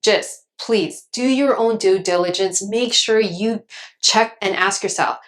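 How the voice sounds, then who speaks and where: Animated woman explaining investing. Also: medium pitch. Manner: animated, acts out panicked investors in quick asides; frequent "okay?" check-ins. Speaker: personal finance YouTuber. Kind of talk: casual explainer to camera.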